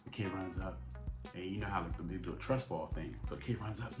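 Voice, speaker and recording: A man's voice: low-pitched, a little fast, a little mellow. A man giving an earnest, conversational faith talk, repeating phrases for emphasis. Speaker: faith vlogger. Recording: echoey room with background music.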